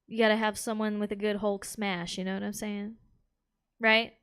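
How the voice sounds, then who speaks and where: A woman's voice: medium pitch, flat delivery, normal speed, a bit bright, smooth. A woman doing a stand-up set on a comedy club stage, brash and bawdy, laughing at her own jokes. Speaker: stand-up comic.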